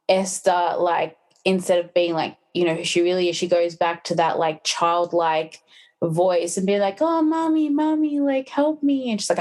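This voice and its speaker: A woman chats loosely on a podcast. She keeps retelling stories, filling gaps with little fillers as she goes. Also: fairly low pitch. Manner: chatty, lots of fillers, retells plots. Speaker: podcast guest. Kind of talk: casual chat.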